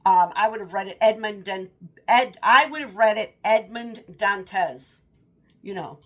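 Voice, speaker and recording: A woman's voice: medium pitch, moderate pace, a bit bright. A woman giving a casual, rambling book review, often stopping to correct herself. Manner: rambling, self-correcting with fillers.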